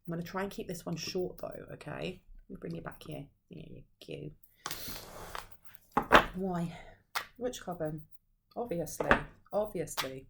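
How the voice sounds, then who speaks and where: A woman gives a casual tarot reading straight to her audience. Her voice sits on the low side, and she talks in a loose, rambling way, circling back and restarting her sentences as she goes. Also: normal speed, gravelly, heavy background noise. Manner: rambling, conversational, frequent restarts. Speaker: tarot reader.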